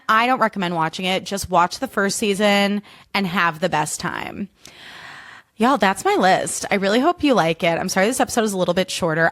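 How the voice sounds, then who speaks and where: A woman's voice: medium pitch, a bit bright, dry recording, studio quality. A young adult woman hosting a casual solo podcast, candid and chatty, cursing freely. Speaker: podcast host.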